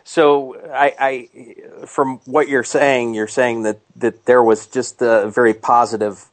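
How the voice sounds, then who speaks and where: A man co-hosting a radio show, speaking in a halting way and repeating words as he sums up what the guest said. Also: mid-range voice, little pitch movement. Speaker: radio co-host.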